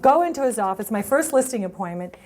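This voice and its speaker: A middle-aged woman speaks to an audience about her early struggles, her voice rising and falling as she acts out what people said to her. She talks in looping, unscripted sentences full of restarts. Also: fast. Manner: animated storytelling with many restarts, acting out quoted lines in a higher voice. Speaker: speaker at a networking event. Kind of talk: personal storytelling talk.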